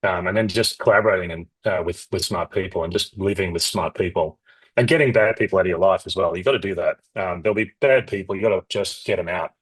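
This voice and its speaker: Middle-aged man, fast, husky, rambling founder in an interview. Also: low voice, low-quality recording. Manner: rapid, rambling, animated, acts out quoted dialogue. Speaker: company founder, guest. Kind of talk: candid interview storytelling.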